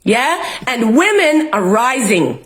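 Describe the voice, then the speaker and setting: Her voice slightly high and very animated, a young Australian woman takes her time as she rants to camera about politics. She is isolating at home, swearing frequently in a fiery, emotional attempt to stir people up.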